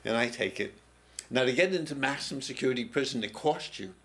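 An older man being interviewed in a TV studio, slowly telling a personal story with pauses and restarts. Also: medium pitch, lively intonation, fairly bright tone. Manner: slow, halting, with pauses and restarts. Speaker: interview guest, former prison teacher. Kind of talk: reflective storytelling.

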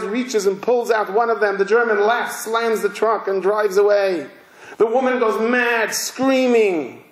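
A male rabbi giving a sermon, telling a story slowly and emphatically. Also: sits high. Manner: slow, emphatic, vivid narration. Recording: roomy hall echo.

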